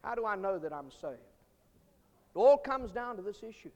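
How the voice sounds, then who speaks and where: A man preaching a sermon as pastor, emphatic, swinging from loud bursts to quiet storytelling. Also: sits high, expressive, normal speed. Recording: long hall reverb.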